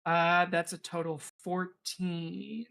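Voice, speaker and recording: A man's voice: sits high, level tone, slow pace, creaky, sharp tone, smooth. A young man narrating as game master, rambling with lots of fillers and restarts.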